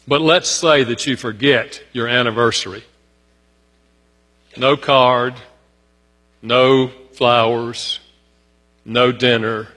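A male pastor preaches with a bright, forceful voice, telling a story about himself and addressing the congregation directly. He leaps up in pitch to stress a point, then sinks low and soft for quieter asides. His voice rings out with a long reverb from a large hall. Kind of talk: sermon.

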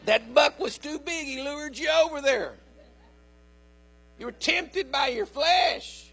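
A man's voice: very high-pitched, a bit bright. An older man, a pastor, preaching a sermon in a folksy storytelling way and calling out to his listeners.

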